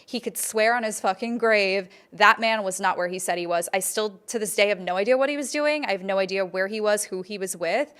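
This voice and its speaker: A woman's voice: medium pitch, a little fast, hardly any pauses, fairly bright tone, clear, resonant tone. A young adult woman hosting a podcast, telling a personal story in a candid, emphatic way and swearing freely. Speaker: podcast host.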